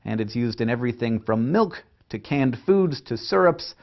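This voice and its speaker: A man hosting a science lesson, delivering scripted narration in an energetic, playful, emphatic way. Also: medium pitch, moderate pace, highs cut off, slight background noise. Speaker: science educator host.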